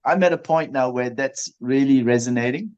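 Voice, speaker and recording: An older man, a martial arts master who is a guest in an interview, speaking in a reflective, measured way about firm principles. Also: mid-range voice, darkish tone, clear, resonant tone, lo-fi sound. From Australia. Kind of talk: interview conversation.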